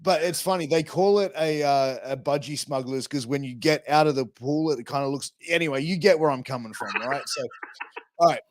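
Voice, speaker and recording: A man's voice: a little high, fairly quick, no room sound. An Australian man hosting a podcast interview, laid-back and jokey, with lots of fillers. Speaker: podcast host. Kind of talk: casual interview chat.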